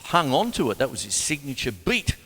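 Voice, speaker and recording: A man's voice: medium pitch, sing-song, fairly quick, in a large hall. A man giving a casual drum lesson, chatting and scatting the beats aloud. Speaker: drum teacher. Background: drum kit playing.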